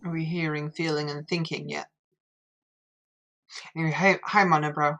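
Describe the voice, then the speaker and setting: Northern English woman streamer, low and bright, wry and chatty, casual swearing. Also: flat delivery, moderate pace. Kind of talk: live game stream commentary.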